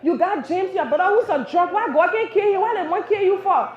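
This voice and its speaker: A woman from Liberia with a Liberian English accent doing animated live stand-up comedy, acting out voices as she goes. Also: very high voice, brisk. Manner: animated, acts out voices, laughs through lines. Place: cafe stage with live audience. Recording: roomy, dull live venue recording.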